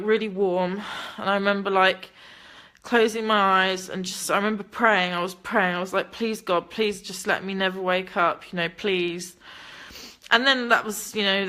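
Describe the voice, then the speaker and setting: A woman's voice: medium pitch, bright, forceful tone. A young woman telling her own story in a candid, casual way, swearing freely as she reads her chat. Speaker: livestreamer reading chat.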